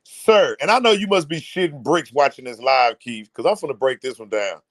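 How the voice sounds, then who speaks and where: A man doing loud, mocking, profane reaction commentary, often mimicking others. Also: medium pitch, fairly quick, dry recording, clean studio sound. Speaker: commentary host.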